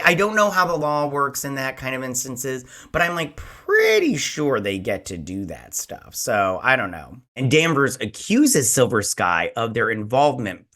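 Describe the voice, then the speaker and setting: A man with a bright, forward voice at a mid pitch, talking through a TV episode in loose, rambling chat. He jumps between summary and his own opinions and slips into quoted voices to act out scenes. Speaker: show host and TV reviewer. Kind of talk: casual review chat.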